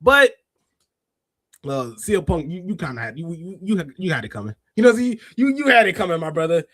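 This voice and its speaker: A man hosting a wrestling review podcast, chatting casually and slangily, reading out chat comments and bursting into laughs and shouts. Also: high voice, fairly quick, no room sound. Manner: excitable, laughs often and breaks into shouts; slangy, talks straight to chat readers. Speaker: podcast host.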